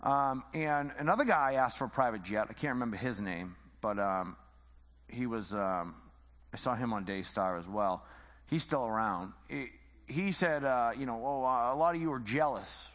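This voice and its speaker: A man's voice: mid-range voice, lively intonation, moderate pace, fairly bright tone, in a large hall. A man teaching the Bible informally, conversational and full of rhetorical questions and repeated phrases.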